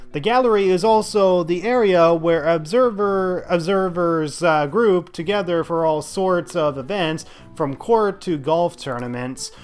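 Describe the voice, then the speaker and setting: A man's voice: on the high side, clear, resonant tone. A man giving casual gameplay commentary as a let's play host, sarcastic and thinking aloud with lots of fillers.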